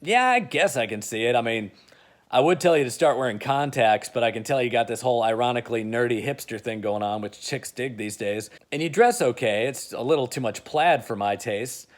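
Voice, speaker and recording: A man's voice: mid-range voice, lively intonation, fairly quick, lightly acted. A man voicing a brash, cocky rich playboy with a smug, teasing manner.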